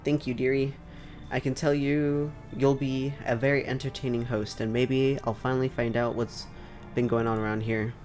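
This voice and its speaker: A man's voice: medium pitch, flat delivery, moderate pace, a little mellow, soft background music, lightly acted. A man voicing a nosy, folksy old woman while reading game dialogue aloud. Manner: old-fashioned folksy phrasing.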